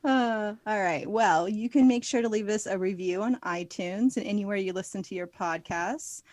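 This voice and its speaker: A woman's voice: mid-range voice, normal speed, darkish tone, no room sound. A woman from Florida co-hosting a casual podcast, chatty and upbeat, with frequent laughter. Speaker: podcast co-host. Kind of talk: casual chat.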